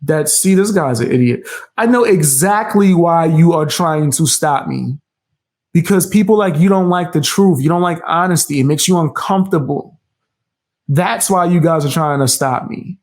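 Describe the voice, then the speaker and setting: A man's voice: on the high side, normal speed, a little mellow. A man hosting a reaction commentary, defiant and mocking, with casual slang and frequent laughs. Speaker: commentary channel host.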